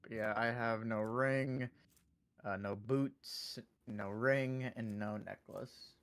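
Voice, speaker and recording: A man's voice: medium pitch, fairly even intonation, takes it slowly, fairly bright tone. A man playing a game with friends, chatting casually with a dry, teasing manner. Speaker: co-player. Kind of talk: casual gameplay chat.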